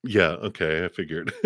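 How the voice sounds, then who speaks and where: Middle-aged male tarot reader with a low voice who chuckles often and repeats words as he thinks aloud. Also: fairly bright tone, no room sound, clean studio sound. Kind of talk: live tarot reading for a viewer.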